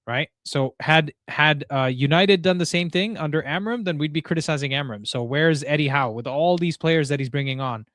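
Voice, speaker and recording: Young male watchalong host, slangy and excitable, slightly high voice, dry close mic. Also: moderate pace, few pauses, dry recording. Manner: excitable, slangy, frequent "bro" and "dude". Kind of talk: live football watchalong commentary.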